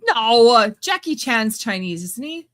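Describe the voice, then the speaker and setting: A woman's voice: a little high, animated, measured pace, fairly bright tone. A woman co-hosting a podcast, teasing and laughing through casual banter. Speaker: podcast co-host.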